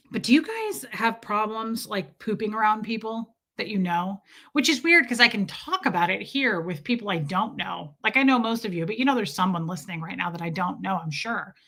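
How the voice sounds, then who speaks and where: A woman's voice: mid-range voice, bright, forceful tone. A woman from the United States hosting a casual livestream, chatting animatedly with many fillers and reading viewer comments aloud. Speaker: livestream host.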